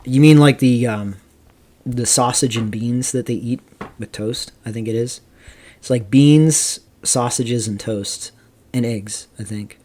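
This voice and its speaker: A man's voice: medium pitch, darkish tone. Man rambling through a live stream. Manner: rambling, reads chat aloud, many fillers. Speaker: streamer host. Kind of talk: casual livestream commentary.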